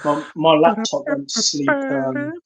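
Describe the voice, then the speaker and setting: A man co-hosting a podcast, sharing trivia in a relaxed way, recorded on a phone. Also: very high-pitched, a little slow, gravelly. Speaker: podcast co-host. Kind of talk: casual chat.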